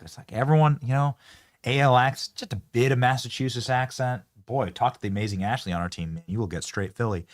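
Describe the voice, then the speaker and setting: Animated mocking male show host. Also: fairly high pitch. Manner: mocking, animated, laughs often. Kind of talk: political commentary show.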